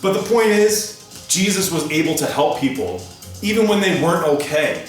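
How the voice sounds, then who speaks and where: A man who leads a church kids' program, telling a story and speaking warmly and encouragingly to children at home. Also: on the high side, sing-song, normal speed. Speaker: children's ministry leader. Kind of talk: storytelling and talking to kids. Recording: echoey room with music behind.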